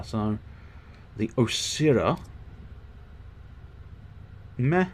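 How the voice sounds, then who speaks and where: A man's voice: mid-range voice, wildly swooping pitch, slow pace, gravelly, long pauses, darkish tone, husky. A man streaming a video game who rambles and swears as he thinks aloud while customizing his gear. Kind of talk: casual let's-play commentary.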